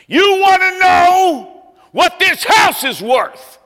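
Man doing a gruff old rigger yelling. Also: very high voice, big pitch swings, a little fast, in a large hall, voice pushed up, heavily acted. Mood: bellowing. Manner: loud, gruff, shouting. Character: rough, blunt older male rigger who yells.

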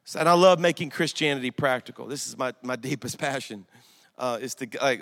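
A middle-aged man, preaching a sermon in a church, telling a story with emphasis and swinging from loud outbursts to hushed asides. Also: medium pitch, a little fast, creaky. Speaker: pastor. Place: church sanctuary. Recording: long hall reverb in a church.

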